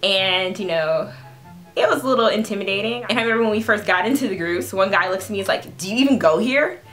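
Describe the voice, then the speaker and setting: A young woman in her twenties chats her way through a funny story for her vlog, lively and quick to laugh. Her voice sits at an ordinary middle pitch, and soft music plays faintly behind her. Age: 20s. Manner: chatty, animated, laughs while telling. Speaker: food vlogger telling a story.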